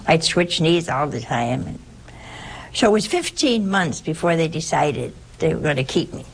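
An older woman, a nun, telling her life story in a chatty, unhurried way with asides like "you know" and "see". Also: sits low, big pitch swings, gravelly. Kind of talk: personal storytelling.

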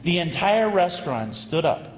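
A high-pitched male priest delivering a sermon as a lively anecdote, his voice swinging between loud bursts and hushed asides. His voice sounds echoey with a long hall reverb, and faint ambience is heard behind it. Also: normal speed, slight background noise. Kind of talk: sermon storytelling.

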